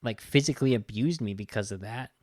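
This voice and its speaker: A man's voice: lowish voice, brisk, darkish tone, no room sound, clean studio sound. A man hosting a podcast, talking casually and heatedly about a film, exasperated, swearing, with frequent restarts. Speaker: podcast host. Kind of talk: casual film review talk.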